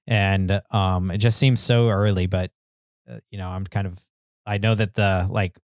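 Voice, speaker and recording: A man's voice: low voice, little pitch movement, moderate pace, dry recording, clean studio sound. A man co-hosting a podcast, talking in an easygoing, rambling way with lots of fillers. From Northern California. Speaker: podcast co-host. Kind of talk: casual chat.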